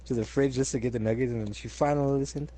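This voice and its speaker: Young man, casual chat, storyteller, animated, repeats words, loud acted-out quotes, mid pitch. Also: very fast. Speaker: co-host telling work stories.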